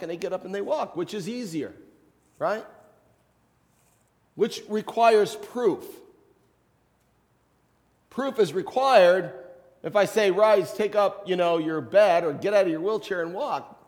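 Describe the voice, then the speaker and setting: A man's voice: high voice, darkish tone, long reverb tail. A man, a pastor, preaching a sermon in a conversational way, with rhetorical questions and light humor.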